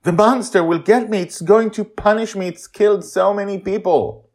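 A man's voice: mid-range voice, very animated, a little slow, slightly rough, pitched above the performer's own voice. A man voicing a panicked posh British man caught in his own nightmare, speaking in a frightened, pleading way in an audio story.

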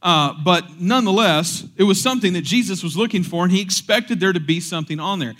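A young man gives a relaxed, chatty sermon, reading scripture and then wandering into jokes and side stories. He talks in a slightly high voice and keeps dropping in fillers and restarting his sentences. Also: a little fast. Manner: casual, joking asides, frequent fillers and restarts. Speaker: pastor. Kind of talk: conversational sermon.

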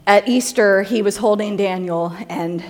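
A woman in her thirties giving a casual, humorous talk with slides, chatty and quick to laugh as she tells stories and acts out quotes. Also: mid-range voice, a little mellow. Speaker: speaker presenting slides to a group.

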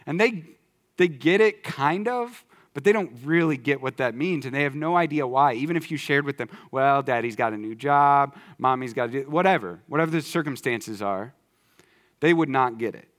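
In a church sanctuary, a male pastor gives a sermon at normal speed in a conversational style. He swings from quiet, low emphasis to loud excitement.

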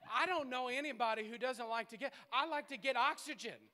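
A man preaching with a high, bright voice. He is animated and playful, building to loud bursts and dropping to hushed asides. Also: brisk. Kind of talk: sermon.

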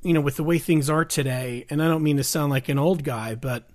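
Man, podcast host, measured casual chat, a touch higher voice. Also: darkish tone.

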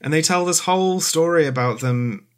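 A man's voice: fairly high pitch, normal speed, smooth. A man co-hosting a podcast in casual chat, speaking hesitantly with many ums and frequent laughs. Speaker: podcast co-host.

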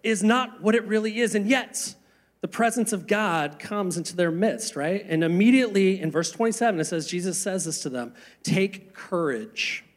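A man preaching a sermon, earnest, asking rhetorical questions and slowing down for emphasis. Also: sits high. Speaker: pastor.

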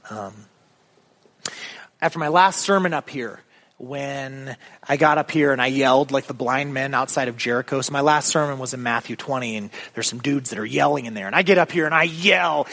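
A man's voice: medium pitch, moderate pace, fairly bright tone, in a large hall. A man preaching a sermon as pastor, casual and conversational with many ums, building to emphatic questions. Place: church sanctuary.

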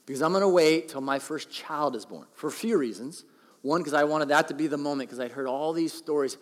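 Middle-aged male pastor, joking sermon delivery, fairly high voice, long hall reverb. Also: fairly quick. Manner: conversational, joking, animated.

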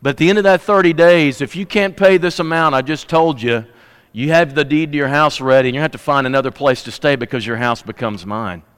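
A man's voice: fairly high pitch, fairly quick, a bit bright, smooth, long reverb tail, close to an everyday voice. A man playing a weary Roman chief tax collector who states his demands matter-of-factly. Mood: stern. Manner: businesslike, matter-of-fact demands.

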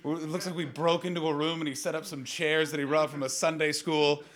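A man's voice: on the high side, little pitch movement. Brash, profane man doing live crowd work. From Canada. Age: 30s. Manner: brash, profane, rapid riffing that bursts into shouting. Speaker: comedian host of a live podcast. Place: small room with a live audience.

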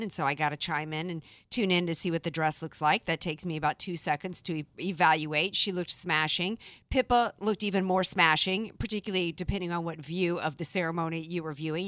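A chatty, playful woman hosts a radio talk show, from the American South. Her voice is bright and ringing, and the studio mic sounds dry and close. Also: on the low side, no echo. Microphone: studio microphone.

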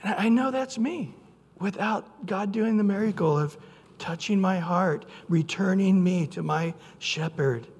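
High gravelly preacher in a reverberant hall. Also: male voice, unhurried. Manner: earnest preaching, bursts into loud acted quotes. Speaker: pastor. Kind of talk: sermon.

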